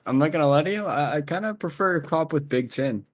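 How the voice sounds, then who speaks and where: A man's voice: fairly high pitch, expressive, quick pace, no room sound. A young man co-hosting a live stream in casual chat, chuckling as he reads out long lists, with hesitant restarts. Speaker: stream co-host.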